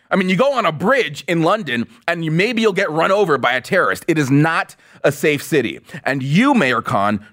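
Sarcastic, lively podcast host. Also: male voice, fairly high pitch. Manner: sarcastic, mocking and animated. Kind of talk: opinionated commentary podcast.

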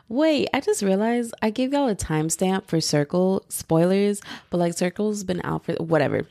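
Young woman, podcast host, rambling casual chat, lowish voice, dry close sound. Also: gravelly, dark tone, no echo. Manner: chatty, rambling, lots of fillers. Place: at home, household noise possible.

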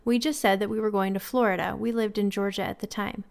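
A woman's voice: medium pitch, steady tone, fast, vocal fry. A woman hosting a podcast, reading listener stories aloud in a casual chat with frequent laughs. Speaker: podcast host.

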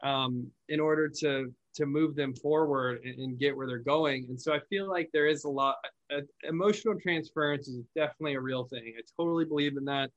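A man who owns a call center, hosting a podcast and explaining phone sales in a relaxed, chatty way, often restarting his words. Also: a little high, a little fast, dull audio. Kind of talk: casual conversational podcast chat.

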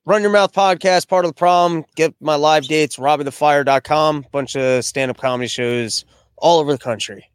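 A man, a stand-up comedian on a podcast, with a slightly raised pitch. He jokes crudely, and the sound is dry and close. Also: normal speed, clean tone, no room sound. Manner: crude, joking. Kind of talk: casual banter.

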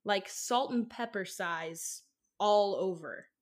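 Speaking slowly in a mid-range voice, a young woman co-hosting a podcast tells a personal story. Her telling is rambling and casual, packed with likes and ums, and she swears freely.

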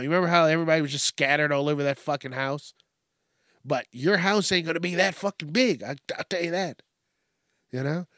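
Casting note: male host, crude animated ranter, slightly high voice, dry close sound. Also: no room sound. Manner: ranting, crude, animated storytelling. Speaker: show host. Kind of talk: profane comedic news commentary.

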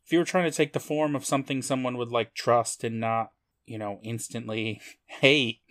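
A man co-hosting a casual podcast, with a voice of middling pitch. He grumbles wryly and laughs as he talks. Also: fairly even intonation, moderate pace, a bit bright. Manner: wry complaints, laughs. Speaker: podcast co-host. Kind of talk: casual recap chat.

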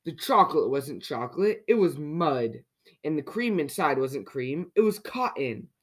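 A podcast host reading a picture book aloud to children in a lively way, often asking the listener questions. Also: mid-range voice, measured pace, breathy edge. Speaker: children's story reader.

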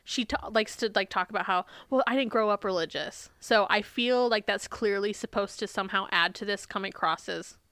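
A woman's voice: medium pitch, brisk, few pauses, fairly bright tone, no echo. A young woman co-hosting a casual podcast, retelling a book in a chatty way with lots of fillers. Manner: chatty, many fillers, laughs often. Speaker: podcast co-host.

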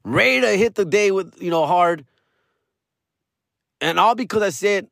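A young man rants through a comic story, swearing freely and dropping Spanish words. His voice sits high for a man and swings widely in pitch. The sound is close and dry, with no room around it. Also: measured pace, vocal fry, long pauses, no echo. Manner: profane, ranting, animated, slips into Spanish. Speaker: podcast host. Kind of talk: comedic storytelling rant.

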